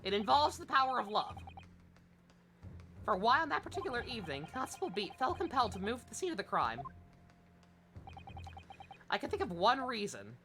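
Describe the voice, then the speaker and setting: A woman's voice: fairly high pitch, very animated, normal speed, pauses often, pushed and bright, a little hiss or hum. A woman hosting a let's play, reading game dialogue and tossing in sarcastic, playful asides.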